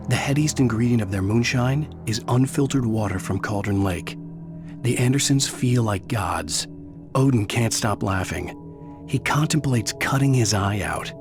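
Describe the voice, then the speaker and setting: A brooding writer narrates in a measured, grave voice, low-pitched and deliberate. Each sentence is paced for dramatic weight. Game music plays clearly beneath the narration. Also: male voice. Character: brooding adult male writer narrating his story.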